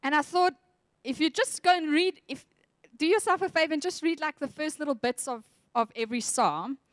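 A woman's voice: sits high, a little fast, no room sound. A woman preaching a sermon, earnest and reflective, reading scripture aloud with feeling.

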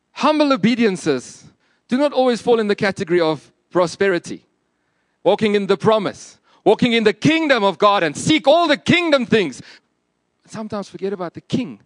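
Animated, earnest male preacher. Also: sits high, no echo. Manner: earnest, emphatic, plain-spoken. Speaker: pastor. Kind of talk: sermon.

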